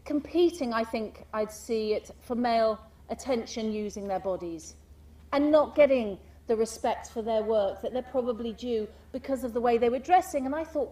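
Animated woman telling stories. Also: fairly high pitch, normal speed, recorded from a distance. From United Kingdom. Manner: animated storyteller, mimics voices, rhetorical questions. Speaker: speaker giving a talk. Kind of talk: speech to an audience.

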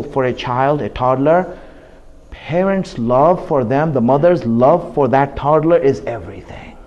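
A man giving an impassioned sermon, swinging between loud pleading and hushed, quiet asides. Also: medium pitch, lo-fi sound. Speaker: preacher.

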